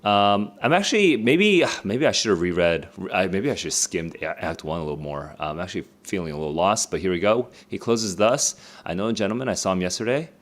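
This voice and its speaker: A man's voice: sits low, expressive, a little fast, few pauses. A young man streaming a live read-along of a play, thinking aloud with many fillers and restarts.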